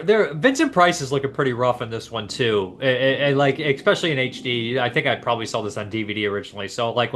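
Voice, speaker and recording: A man's voice: mid-range voice, fairly bright tone, slight background noise. A man hosting a casual film discussion podcast, rambling with lots of restarts and fillers. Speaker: podcast host.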